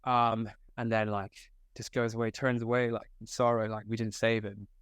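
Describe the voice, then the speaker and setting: A young man from Scotland, an actor, telling set stories in a casual interview, animated and slangy, full of filler likes. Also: on the low side, normal speed, smooth, no room sound. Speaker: actor guest.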